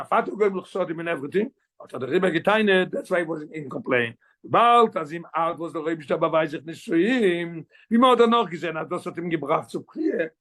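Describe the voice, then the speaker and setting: A man, a rabbi, teaching a Torah class, explaining the text quickly and switching languages mid-sentence. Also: high voice, a bit bright. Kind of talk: Torah class, mixing English and Yiddish.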